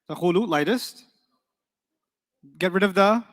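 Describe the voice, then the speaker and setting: An Arabic teacher with a high, fairly bright voice runs a grammar lesson, peppering the class with fast questions and teasing them in fun. His words echo with a long hall reverb.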